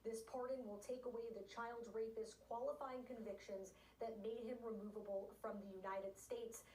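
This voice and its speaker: A woman delivering a broadcast news report in a measured, reading manner. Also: a little high, fairly even intonation, a little mellow, slight background noise. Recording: roomy clip from a distance.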